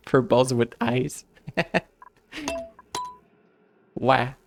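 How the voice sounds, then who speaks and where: A man's voice: mid-range voice, sing-song, gravelly, a little hiss or hum. A man streaming a game live, chatting casually and rambling with many restarts and fillers. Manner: rambling, halting with frequent restarts.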